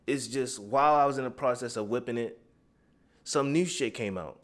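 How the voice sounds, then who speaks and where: A man's voice: medium pitch, moderate pace. A man giving heated, profane commentary, rambling and drifting off his script. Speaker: commentary vlogger.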